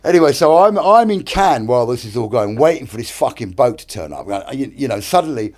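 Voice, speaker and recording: Middle-aged British guest, mid-pitched, animated and profane, acts out every voice in his stories. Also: a little fast. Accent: British English. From Britain. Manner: animated, heavy swearing, acts out other people's lines. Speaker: actor and director, interview guest. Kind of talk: casual storytelling. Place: podcast studio.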